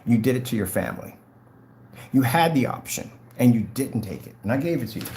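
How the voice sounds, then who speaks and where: A man's voice: mid-range voice, animated, a little fast, a little mellow. Taunting man on a heated livestream rant. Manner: confrontational, taunting, repeats questions. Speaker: channel host.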